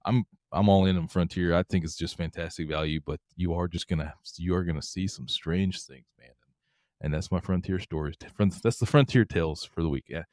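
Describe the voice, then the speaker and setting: Podcast co-host, middle-aged man, low voice, quick animated storyteller, dry close mic. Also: no echo. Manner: animated, laughing, acts out quotes. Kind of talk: casual storytelling chat.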